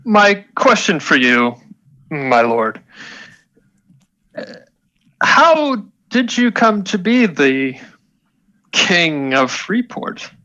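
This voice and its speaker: Man playing a tabletop game, halting speech, bright voice, lo-fi audio. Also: fairly high pitch, sing-song. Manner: hesitant, halting, full of fillers. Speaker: player.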